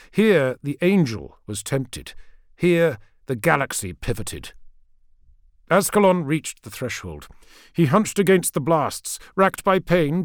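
A man reading a dark war fantasy audiobook with intense, theatrical delivery. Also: on the high side, no echo, clean studio sound. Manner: intense, theatrical, shouting character lines. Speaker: narrator. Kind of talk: dramatic audiobook narration.

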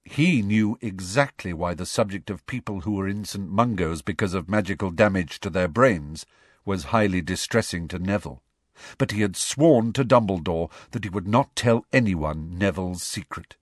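A man reading a novel aloud in steady, measured narration. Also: low voice, no echo, studio quality. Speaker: audiobook reader. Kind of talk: scripted narration.

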